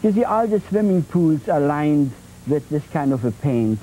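A man demonstrating oil painting on a 1980s TV show, talking in a halting, repetitive way with many fillers and playful folksy phrases. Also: on the high side, sing-song, warm tone, slight background noise, low-quality recording. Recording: 1980s TV tape transfer.

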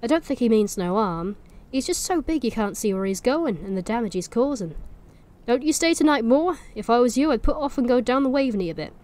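A woman's voice: on the high side, lively intonation, brisk, darkish tone, pitched above the performer's own voice, lightly acted. A woman voicing an uneasy male farm labourer with a broad Norfolk accent, earnestly warning strangers off.

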